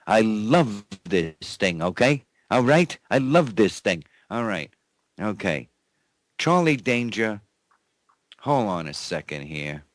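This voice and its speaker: A man's voice: fairly low pitch, big pitch swings, takes it slowly, dry recording. A man hosting his own show, exasperated, cursing and repeating himself as he rambles on air. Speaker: show host.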